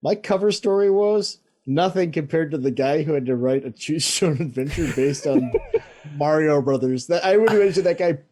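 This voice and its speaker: A man's voice: on the high side, normal speed, dark tone. A man co-hosting a casual podcast, making dry, wry jokes. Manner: dry, wry one-liners. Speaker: podcast co-host. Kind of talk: casual chat.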